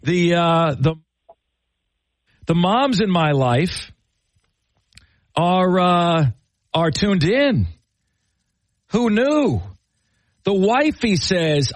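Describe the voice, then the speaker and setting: High-voiced, upbeat male radio host. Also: dry recording. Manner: energetic, enthusiastic, quick to laugh. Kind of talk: call-in radio show.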